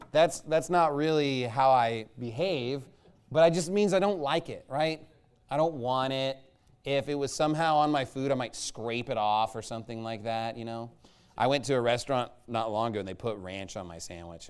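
A man preaching a conversational sermon, emphatic, punching his points and tagging them with "okay?" and "all right?". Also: smooth. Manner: lively, jumps between loud stresses and low asides.

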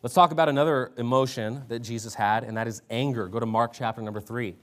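A man's voice: mid-range voice, steady tone, fast talker, a bit bright. A man preaching a sermon, exhorting his listeners and reading scripture aloud with emphasis. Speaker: pastor.

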